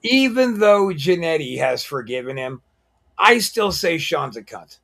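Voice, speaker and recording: A man's voice: on the high side, a little slow, gravelly. A man co-hosting a casual chat, telling anecdotes and acting out the voices in them. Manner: animated anecdote teller who acts out the voices in his stories. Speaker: podcast co-host.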